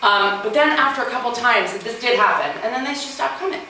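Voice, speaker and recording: A woman in her forties does open mic stand-up in a mansion room, chatty and self-deprecating, with lots of fillers and acted-out quotes. Her voice is on the high side, animated, brisk, pushed and bright. The recording is very echoey, noisy and far from the mic.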